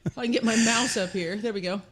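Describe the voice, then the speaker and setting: A woman co-hosts a livestreamed podcast in easy, casual chat. Her voice is mid-pitched, and she talks brightly, laughs often and jumps in to agree. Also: fast, crowd noise. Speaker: podcast co-host.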